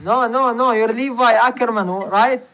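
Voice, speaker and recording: A man's voice: extremely high pitch, fairly even intonation, moderate pace, bright, forceful tone, slight background noise. A man pranking strangers on a random video chat, mocking and roasting them and laughing often.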